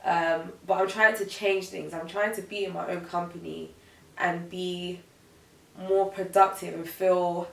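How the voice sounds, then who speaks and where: A woman's voice: on the low side, unhurried, gravelly, echoey room, far from the mic, low-quality recording. A woman in her twenties, a guest chatting casually and reflectively, with lots of fillers. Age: 20s. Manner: relaxed, reflective, uses many fillers. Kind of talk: casual chat.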